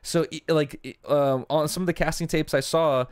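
Casting note: young male podcast co-host, bit high, dry close sound, swears, says bro. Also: fairly even intonation, normal speed, clean tone, no room sound. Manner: slangy and profane, says "bro" a lot, many fillers. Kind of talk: casual chat. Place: podcast studio.

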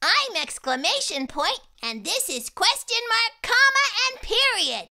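Woman voicing a bubbly exclamation point, squeaky, unhurried. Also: sing-song, pushed and bright, full character voice. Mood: eager. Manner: eager, bubbly. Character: always excited male exclamation point.

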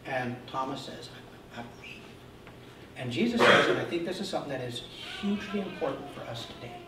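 A man's voice: a little high, quick pace. A man preaching an Easter sermon as pastor, talking to the congregation and often checking in with "Okay?". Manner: animated, acting out Bible figures. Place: church sanctuary. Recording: very echoey room, voice from a distance, faint noise.

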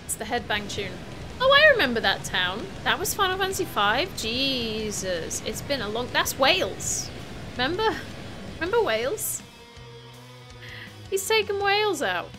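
High-voiced woman playing a game. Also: sing-song, unhurried. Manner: chatty, thinks aloud, swears playfully. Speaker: gaming YouTuber. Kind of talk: casual let's-play commentary. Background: game music.

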